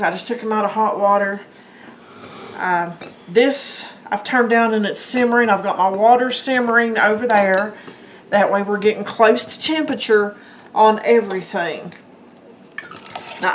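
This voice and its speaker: Speaking on the high side, the host of a home cooking channel chats easily with viewers she addresses as guys and folks while she cooks. There's a little hiss or hum in the echoey kitchen recording, plus the clink of dishes and utensils.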